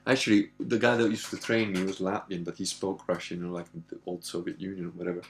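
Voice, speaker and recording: A man's voice: deep voice, little pitch movement, fast, slight background noise. A man chatting casually, telling rambling stories with swearing and acted-out voices. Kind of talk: casual chat. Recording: echoey room with music.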